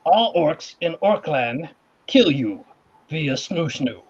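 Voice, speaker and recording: A man's voice: fairly high pitch, expressive, takes it slowly, slightly rough, heavily acted. A man voicing a pregnant female orc who speaks in clipped, broken sentences, in a dull lo-fi recording. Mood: threatening. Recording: dull lo-fi audio.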